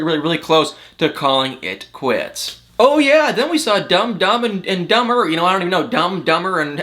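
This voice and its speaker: Animated mocking man recapping reality TV. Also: fairly high pitch. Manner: animated, mocking, acts out quotes in exaggerated voices. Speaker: show recap host.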